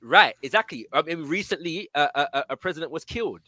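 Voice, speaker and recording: Bright-toned male host, halting. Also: on the high side, lively intonation. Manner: affirming, halting, restarts often. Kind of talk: political discussion.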